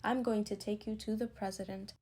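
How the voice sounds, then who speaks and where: A woman voicing an enraged male first vice president in a storybook, scolding in a low, quiet way. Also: fairly even intonation, brisk, husky, lightly acted.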